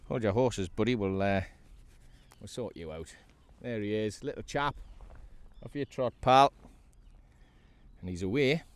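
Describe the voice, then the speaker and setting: A man's voice: fairly low pitch, measured pace, pauses often, dry recording. A man giving chatty running commentary while fishing from a kayak at sea, talking to the fish he catches. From North East England. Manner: chatty, excitable, talks to the fish. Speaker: fishing vlogger.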